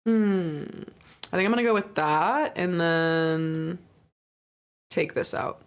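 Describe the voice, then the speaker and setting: Chatting with her viewers mid-game, this livestreamer takes things slowly and smoothly. She's playful and bubbly, with baby talk, casual curses, and high-pitched squeals whenever she gets excited.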